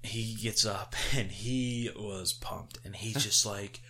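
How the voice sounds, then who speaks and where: A man co-hosting a casual sports podcast, telling stories in a heated, animated way and swearing freely. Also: fairly low pitch, takes it slowly. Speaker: podcast co-host. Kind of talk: casual chat.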